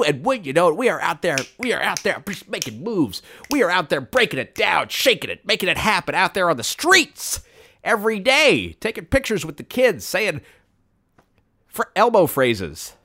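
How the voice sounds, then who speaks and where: Man, comic storyteller, deadpan rambling, sudden high bursts, very lively pitch. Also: moderate pace. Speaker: comedic storyteller. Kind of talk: absurd comic monologue.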